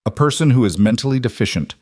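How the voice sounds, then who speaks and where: A man's voice: mid-range voice, lively intonation, quick pace, darkish tone, no echo, studio quality, voice pushed up, natural voice. A man voicing a cold, condescending mother in a spoken frontier story. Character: cold, cruel woman, a scheming mother.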